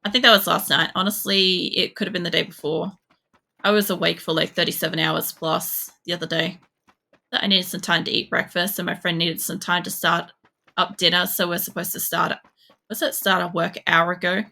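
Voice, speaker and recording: A woman's voice: lowish voice, little pitch movement, brisk, gravelly, sharp tone. A young woman from Poland streaming a shooter game, chatting casually in a rambling way, swearing freely and using lots of fillers. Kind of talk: casual chat while gaming.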